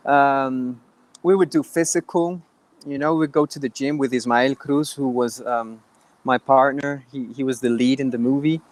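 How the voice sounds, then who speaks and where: A man's voice: mid-range voice, fairly even intonation, normal speed, dry recording. A man, an actor guest in an interview, talking earnestly with many restarts and halts. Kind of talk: interview conversation.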